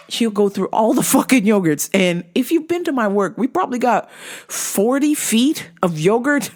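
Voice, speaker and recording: A woman's voice: on the high side, moderate pace, slight background noise. A young adult woman hosting a podcast, telling a story casually, swearing and acting out other people's voices. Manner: animated, profane, acts out other people's voices. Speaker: podcast host.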